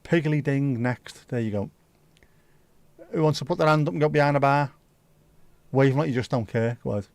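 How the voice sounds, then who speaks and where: A man's voice: mid-range voice, moderate pace, pauses often, a little mellow, no room sound. A man hosting a livestream, chatting casually and answering viewer comments in a blunt, opinionated way, swearing freely. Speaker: livestream host.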